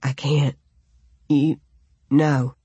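A woman's voice: level tone, very slow, breathy edge, no room sound, dull audio, heavily acted. Woman voicing a pained, murmuring young man. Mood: pained, quiet. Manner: low, quiet, strained murmur. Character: pained, trembling young man, secretive and withdrawn.

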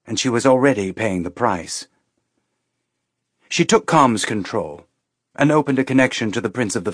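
A man reading an audiobook in measured, steady scripted narration. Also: mid-range voice, husky, no room sound, studio quality.

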